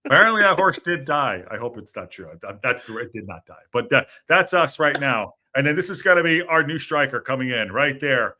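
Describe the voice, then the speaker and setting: A man hosting a live football fan show, chatting casually in a jokey way, with quick apologetic asides. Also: medium pitch, expressive, pushed and bright. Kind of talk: casual live-stream chat.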